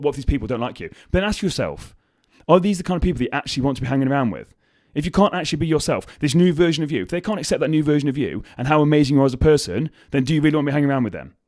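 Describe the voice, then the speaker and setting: Fast-talking, lively man. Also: on the high side, no echo. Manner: swears freely, animated storytelling with acted quotes. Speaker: podcast host. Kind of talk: casual motivational chat.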